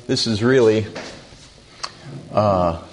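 A man teaching a Bible study in a classroom, speaking deliberately and reading scripture passages aloud with emphasis. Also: on the low side, soft background music. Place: classroom with a board.

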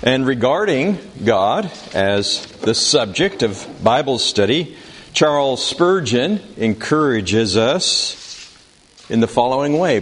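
A man teaching a Bible study in a classroom, speaking deliberately and reading scripture passages aloud with emphasis. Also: medium pitch, very animated, slight background noise. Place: classroom with a board.

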